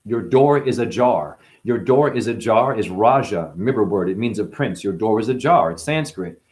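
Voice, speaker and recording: A man's voice: on the low side, expressive, moderate pace, darkish tone. A man rapping a rambling, boastful freestyle full of puns and profanity. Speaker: freestyle rapper. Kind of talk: freestyle rap.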